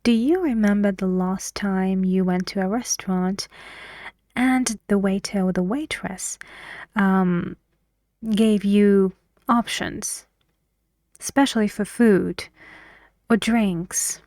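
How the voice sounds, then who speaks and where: Woman, English teacher, pronunciation lesson, very slow, careful repetition, soft whispers at times, dry close sound. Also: medium pitch, no echo. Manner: slow, deliberate, repeats each word several times.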